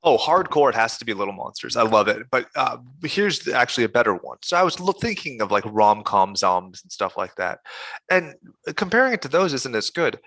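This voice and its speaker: A man's voice: medium pitch, big pitch swings, fairly quick, a bit bright, no room sound. A man co-hosting a podcast in casual chat, blunt, enthusiastic and freely profane. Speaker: podcast co-host.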